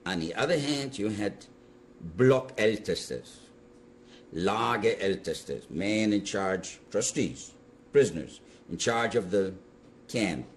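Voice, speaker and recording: An older man telling his story in an interview, animated and halting, with restarts mid-sentence. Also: fairly low pitch, a little hiss or hum. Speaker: Holocaust survivor giving testimony. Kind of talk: interview testimony.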